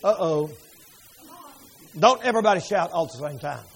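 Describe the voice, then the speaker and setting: A man pastor telling stories in a revival sermon, folksy and fervent, breaking into shouts. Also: sits high, animated, normal speed, creaky, breathy edge. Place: church sanctuary.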